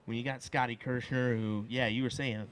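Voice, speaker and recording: Male co-commentator, chatty, question-asking, mid pitch. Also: little pitch movement, moderate pace, fairly bright tone, clear, resonant tone, rough recording. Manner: curious, asks questions, adds background details. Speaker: darts co-commentator. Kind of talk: casual live-stream commentary.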